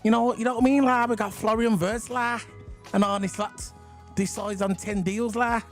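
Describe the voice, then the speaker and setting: A man's voice: high voice, steady tone, moderate pace, faint music behind, voice pushed up, close to an everyday voice. A man putting on a Liverpool accent to play an over-the-top male football fan who calls everyone lad. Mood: hyped, indignant. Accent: put-on Liverpool.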